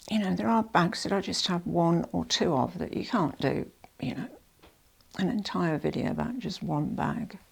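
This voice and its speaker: A woman's voice: on the low side, gravelly, husky. An older retired woman chatting casually to camera as a fashion vlogger, rambling and correcting herself as she goes. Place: at home.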